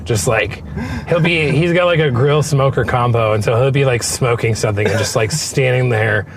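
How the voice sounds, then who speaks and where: A male comedian chats on an outdoor walk with a wry, halting delivery at an even, middle pitch. He breaks off and restarts, then slips in dry jokes. There is faint traffic noise behind him. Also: creaky. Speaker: comedian guest. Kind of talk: casual chat.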